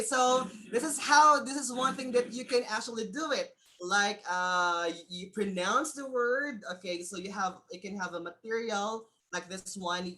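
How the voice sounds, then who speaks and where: A Filipino woman leads a webinar lesson over a video call, her voice bright and forward. She talks slowly and unhurriedly, slipping between English and Tagalog as she coaxes listeners to join in. Faint music plays underneath. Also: fairly low pitch, rough recording. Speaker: teacher presenting at a webinar. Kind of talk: online teaching demonstration.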